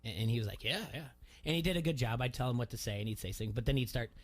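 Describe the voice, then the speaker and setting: A middle-aged man hosting a casual sports radio talk show, telling a story and getting animated when he quotes people. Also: medium pitch, very fast. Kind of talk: casual chat.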